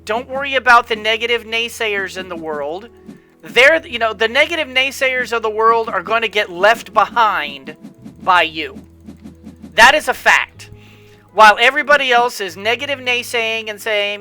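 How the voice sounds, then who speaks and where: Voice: mid-range voice, normal speed, bright, forceful tone, soft background music, low-quality recording. A gameplay commentator giving a rambling motivational pep talk in casual let's-play style, with frequent restarts and repeated words.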